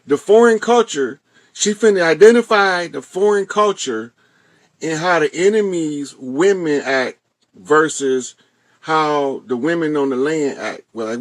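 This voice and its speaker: A man's voice: a little high, no room sound. A man with a Southern US accent hosting, giving casual, profane commentary on a clip he plays. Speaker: host.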